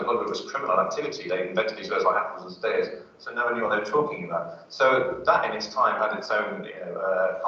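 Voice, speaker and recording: A man's voice: on the low side, bright, forceful tone, very echoey, far from the mic, dull audio. A man speaking as a studio guest, explaining things fluently with plenty of fillers on a chat show.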